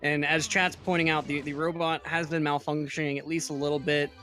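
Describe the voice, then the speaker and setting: A man commentating a speedrun race with a somewhat raised pitch, reacting keenly to each play and chatting with his co-host. Faint music sits underneath his voice. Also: little pitch movement, pushed and bright. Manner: friendly, reacts quickly to plays.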